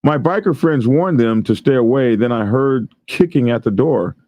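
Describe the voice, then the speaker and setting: A man's voice: medium pitch, animated, moderate pace, no echo, dull audio. A male show host, reading news stories aloud and riffing on them with frequent laughter. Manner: laughs often, reads news aloud and riffs on it. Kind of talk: casual news commentary.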